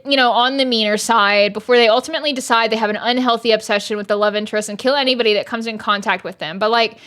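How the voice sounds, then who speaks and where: A woman's voice: fairly high pitch, a bit bright. A young woman, a streamer reviewing a book in casual chat, exasperated and sarcastic, swearing often. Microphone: streaming mic.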